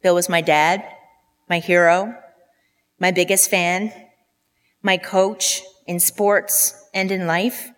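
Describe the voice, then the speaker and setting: A woman in her fifties from Newfoundland delivers a eulogy for her father. She speaks with a low voice, telling fond, heartfelt stories. The long reverb of a hall trails each word. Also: fairly even intonation, slow pace, long pauses, a bit bright. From Newfoundland, Canada. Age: 50s. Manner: heartfelt storytelling with fond asides. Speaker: daughter giving a eulogy. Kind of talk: funeral eulogy. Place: funeral hall.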